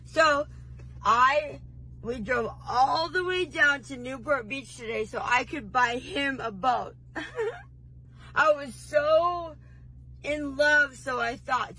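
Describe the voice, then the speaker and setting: Bright-voiced rambling woman, slow drawl. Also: a little high, rough recording. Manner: rambling, laughing, defiant. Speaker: vlogger. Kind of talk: rambling confessional rant. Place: in a car pulled over.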